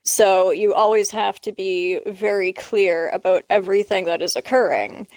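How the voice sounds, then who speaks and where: Brief: direct, outspoken female podcast host, mid pitch, fry, dry close sound. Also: moderate pace, darkish tone, dry recording. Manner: frank and direct, steers the talk. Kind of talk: casual podcast chat.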